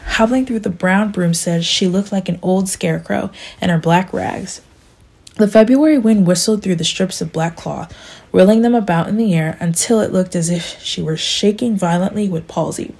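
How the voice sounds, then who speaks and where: A young woman reads a novel aloud for an amateur audiobook, plain and steady. Her voice is dark, husky and gravelly. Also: fairly low pitch, moderate pace. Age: young adult. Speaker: audiobook reader.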